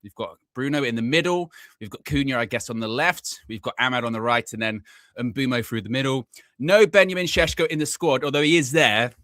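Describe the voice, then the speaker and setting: A man hosting a live football watchalong, chatty and excitable, laughing often as he runs through team news. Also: medium pitch, fairly quick, no echo. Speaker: fan channel host.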